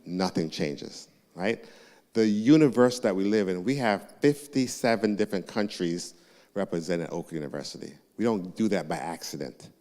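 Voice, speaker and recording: A man representing a university, answering audience questions live in a church, lively and joking, teasing the crowd. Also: sits low, moderate pace. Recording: echoey church hall.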